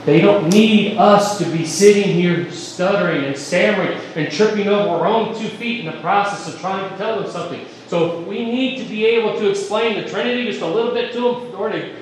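A man preaching a sermon as pastor, folksy and emphatic, joking with the congregation. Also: sits high. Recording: echoey room, mic at a distance.

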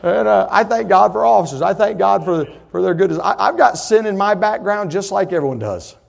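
High-voiced preacher telling stories. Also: male voice, expressive, fairly quick, vocal fry. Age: middle-aged. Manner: folksy storytelling, rising to loud emphatic preaching. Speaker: pastor. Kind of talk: sermon with personal story.

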